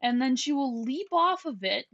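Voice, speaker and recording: Her voice sits high and sounds animated at a normal speed as this young adult woman chats casually while streaming a game. She tells rambling stories, restarting now and then, and coos softly at her pet. A dull lo-fi stream mic captures her, with faint music in the background.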